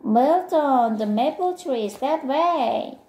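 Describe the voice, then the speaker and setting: A woman voicing an eager, excited little flying friend with a bow, insistent and loud when calling out. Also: sits high, slow, voice pushed up, full character voice. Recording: echoey room with faint noise.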